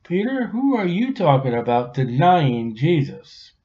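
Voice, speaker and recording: A man with a high voice preaches a Bible sermon in a folksy, conversational way. His delivery swings between loud exclamations and hushed asides. The recording sounds dull and lo-fi. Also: very animated, a little slow. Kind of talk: expository sermon.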